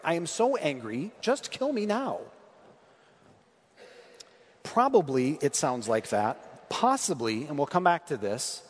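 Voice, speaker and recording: Man preaching in a reverberant hall. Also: a little high. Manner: conversational, asks the congregation questions. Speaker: pastor. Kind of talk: sermon.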